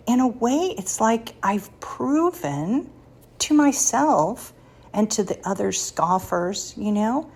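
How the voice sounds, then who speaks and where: A woman's voice: medium pitch, creaky, slightly rough. A woman in her sixties hosting a faith podcast, sharing personal stories in a confiding way and laughing lightly between thoughts. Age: 60s. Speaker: podcast host.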